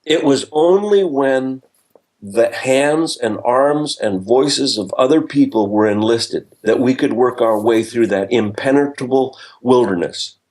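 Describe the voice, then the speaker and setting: An older man, a guest speaker in a podcast interview, telling stories with humor and acting out lively quotes. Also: medium pitch. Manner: storytelling with lively voiced quotes; self-deprecating humor.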